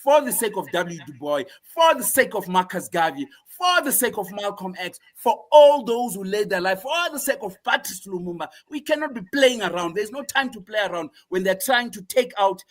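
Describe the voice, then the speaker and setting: A man's voice: high voice, sing-song, moderate pace, hardly any pauses. A man giving impassioned political commentary as a guest, fiery and preaching, hammering the same phrases again and again.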